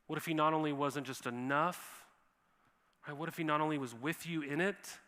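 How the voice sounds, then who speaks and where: With a steady tone at normal speed, a pastor from Montana preaches in a church sanctuary. His bright, forceful voice is a touch high for a man, and his casual, animated sermon includes quoted voices, all trailed by a long reverb from the hall.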